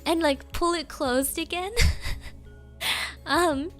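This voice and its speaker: A young woman streamer telling a rambling story in casual chat, giggling often and filling pauses with ums. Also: sits high, soft background music.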